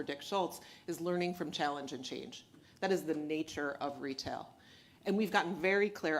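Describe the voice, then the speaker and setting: A woman's voice: sits low, slight background noise. A woman speaking as a company chief executive on a panel, candid and emphatic. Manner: candid, emphatic, with a self-deprecating laugh. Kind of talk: panel discussion.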